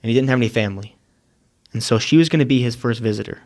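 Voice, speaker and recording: A man telling a moving story in a sermon, measured and earnest, with dramatic pauses. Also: mid-range voice, a little mellow. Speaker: speaker.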